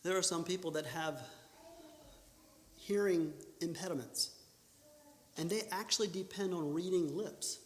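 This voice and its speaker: A man's voice: high voice, measured pace, pauses often, slight background noise. Earnest man teaching in an echoey church hall. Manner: earnest, self-correcting with many restarts and bursts of emphasis. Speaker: church speaker teaching public speaking. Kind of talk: instructional church talk.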